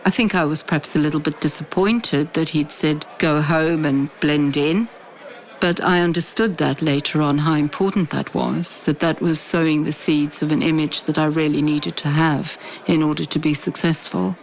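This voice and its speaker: A middle-aged woman, speaking in a thoughtful, measured and candid way as an interviewee. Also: low voice, steady tone, creaky, a faint crowd. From South Africa. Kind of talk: reflective interview testimony.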